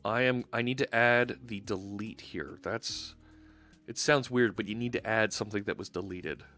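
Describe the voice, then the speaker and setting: A man's voice: fairly low pitch, moderate pace, sharp tone, soft background music. A man streaming a live coding session, chatting casually and thinking aloud with fillers as he works.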